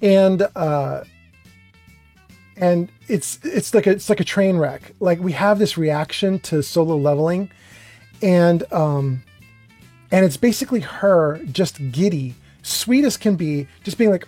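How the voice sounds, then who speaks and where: Casual gaming streamer, mid pitch, rambling and self-mocking, music low in the mix. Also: a little slow, warm tone. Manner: rambling, self-deprecating, many fillers. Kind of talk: gameplay commentary and storytelling.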